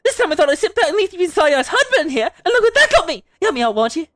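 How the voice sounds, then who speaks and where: A woman's voice: very high voice, sing-song, rapid-fire, no room sound, clean studio sound, voice pushed up. A woman voicing a boisterous middle-aged mother with a frying pan, in a put-on accent, reading game lines aloud. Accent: put-on British-style accent.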